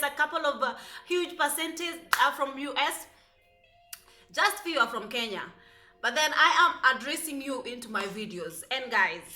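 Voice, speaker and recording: A woman talking in a casual, chatty vlog, sassy and animated, full of fillers, English not her first language, filming herself with a phone. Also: a little high. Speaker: vlogger. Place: apartment in the United Arab Emirates. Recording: echoey room, faint music.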